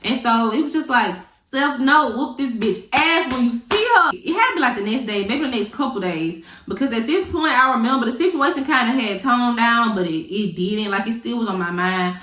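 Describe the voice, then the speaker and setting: Young woman, animated profane storyteller, echoey room. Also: a little high, fairly quick, hardly any pauses. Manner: animated, profane, dramatic retelling. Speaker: vlogger. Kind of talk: casual storytime.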